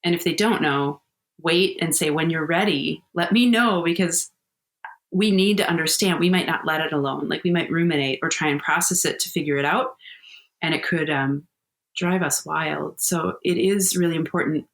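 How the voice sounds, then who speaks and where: A middle-aged woman speaks in a fairly low voice as a podcast guest. She talks openly and conversationally, telling personal stories with frequent laughter. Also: moderate pace. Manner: warm, candid storytelling with frequent laughs. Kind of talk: casual conversational interview.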